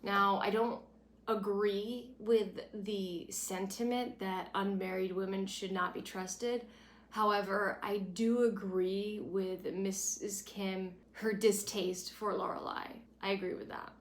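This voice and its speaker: A woman's voice: mid-range voice, steady tone, slow pace. Sarcastic, blunt young woman recapping. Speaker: recap vlogger. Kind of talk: casual recap commentary. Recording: echoey room.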